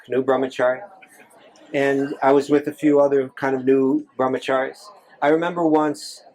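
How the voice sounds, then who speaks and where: A man's voice: mid-range voice, a little mellow, rough recording. Earnest man answering a temple audience. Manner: earnest, repeats phrases, frequent restarts. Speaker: monk answering audience questions. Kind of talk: live Q&A talk.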